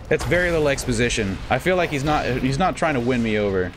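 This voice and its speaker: Let's play host, male, mid-range pitch with animated swings, jokey and rambling, with excited outbursts. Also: quick pace, hardly any pauses, a little hiss or hum. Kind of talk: casual gameplay commentary.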